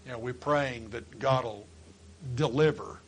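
A man's voice: mid-range voice, measured pace, slight background noise, low-quality recording. A man teaching a Bible class lesson, talking in an emphatic, conversational way with wry humor.

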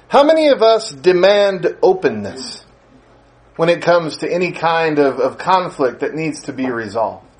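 A man preaching a sermon in a high voice that climbs and falls in wide sweeps. He keeps asking his listeners questions and laughs as he tells his stories. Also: measured pace. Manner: animated, rhetorical questions, laughs while telling stories. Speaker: pastor.

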